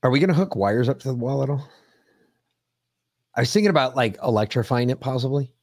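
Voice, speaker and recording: A man's voice: mid-range voice, fast, a little mellow, no echo, clean studio sound. Swearing, rambling male podcast host. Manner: profane, rambling storyteller. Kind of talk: casual chat.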